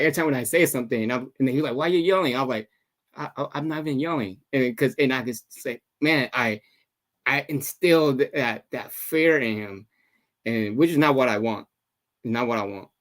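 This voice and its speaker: A father in a men's discussion circle speaking earnestly and emotionally, halting often and restarting his sentences. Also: mid-range voice, a bit bright. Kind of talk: casual group discussion.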